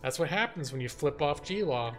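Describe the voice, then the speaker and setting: Animated man streaming a game. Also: a little high, normal speed, soft background music. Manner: animated, laughing, reads chat and jokes aloud. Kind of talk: casual live-stream chat.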